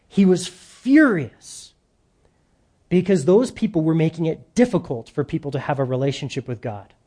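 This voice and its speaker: A man preaching a sermon as pastor, animated, dropping to soft emphasis at the ends of phrases. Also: fairly high pitch.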